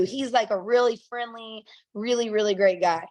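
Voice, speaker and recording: A young adult woman telling a story on a podcast in a casual, animated way, laughing often and acting out the people she quotes. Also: mid-range voice, normal speed, few pauses. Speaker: podcast guest.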